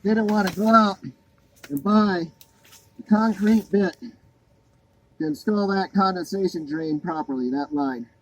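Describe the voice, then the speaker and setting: Angry sarcastic man, high voice. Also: a little slow, pauses often, poor audio. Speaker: homeowner inspecting a botched install. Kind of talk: annoyed walkthrough vlog. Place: crawl space under a home.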